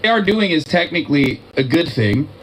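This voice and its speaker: A man's voice: on the high side, big pitch swings, normal speed, music in the background, poor audio. A man co-hosting a casual reaction show, giving blunt and opinionated rants. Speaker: co-host reacting to a video.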